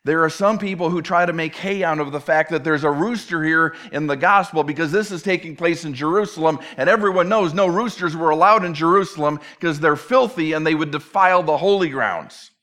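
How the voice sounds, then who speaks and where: Conversational preacher with a fairly high voice. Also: male voice, a little fast, few pauses, sharp tone. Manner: conversational verse-by-verse teaching with playful acted asides. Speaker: pastor. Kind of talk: sermon.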